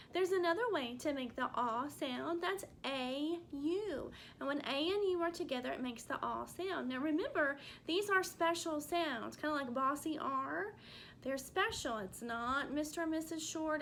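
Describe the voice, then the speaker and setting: Woman, Texan accent, first grade teacher, slow and patient, gravelly high voice, faint background noise. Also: a bit bright. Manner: slow, clear, patient teacher talk with drawn-out example words. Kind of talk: remote phonics lesson for children.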